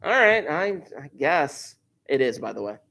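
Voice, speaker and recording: A man's voice: on the high side, sing-song, unhurried, creaky, noisy background. A man teaching a math lesson to a class, explaining step by step with wry, joking asides.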